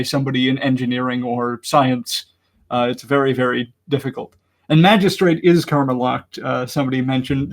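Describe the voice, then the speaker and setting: A man hosting a casual online community meeting, rambling with lots of fillers and laughs. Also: mid-range voice.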